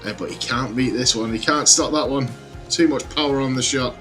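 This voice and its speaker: Excitable man doing football commentary. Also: medium pitch, brisk, soft background music. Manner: energetic, exclamatory play-by-play. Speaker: gaming YouTuber.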